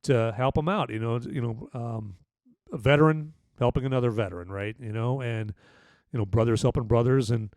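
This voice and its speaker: A man's voice: medium pitch, moderate pace, darkish tone, no echo, clean studio sound. Rambling man casually reviewing a film. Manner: rambling, full of "you know" and restarts. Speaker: podcast host and movie reviewer.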